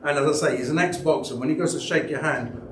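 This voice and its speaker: A man's voice: fast talker, very noisy. A man, a church elder, preaching a sermon and telling stories that act out the people he quotes. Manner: storytelling, acts out quoted people with big pitch jumps. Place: church sanctuary. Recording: echoey church hall, mic at a distance.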